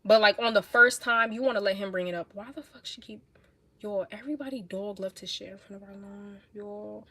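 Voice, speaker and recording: A young woman with a New York accent, livestreaming and telling blunt, animated stories in casual chat. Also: medium pitch, fairly quick, slightly rough. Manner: blunt, animated, swears a lot.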